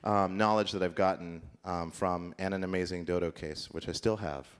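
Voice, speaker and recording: A man with a notably deep, low-pitched voice delivers an improvised comedy monologue from a conference stage. He rambles and loops back on his own sentences in a mock-earnest, absurdist way, as if giving sincere advice. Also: fairly even intonation, normal speed, clean tone. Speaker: comedic musician performing on stage.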